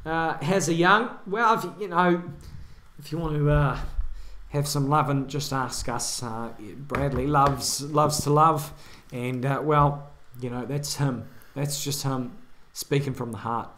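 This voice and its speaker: A man giving a joking live sports commentary, building into excited play-by-play when the action heats up. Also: on the high side, measured pace. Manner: excitable play-by-play, rising on big moments.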